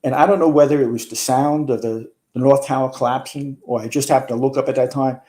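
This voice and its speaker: Older New man, retired fire chief guest, warm low-key tone, casual storytelling. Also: steady tone, quick pace. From New York. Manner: rambling with frequent restarts and swearing.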